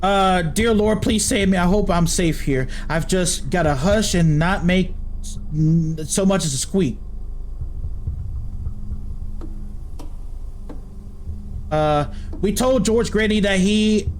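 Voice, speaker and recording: A man's voice: sits high, measured pace, slight background noise. A man putting on a panicky old country man. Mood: praying, fretful. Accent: put-on American country accent. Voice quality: drawling, folksy. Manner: panicky, pleading, breathless. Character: frightened old rural man hiding from guards. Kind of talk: reading game dialogue in character.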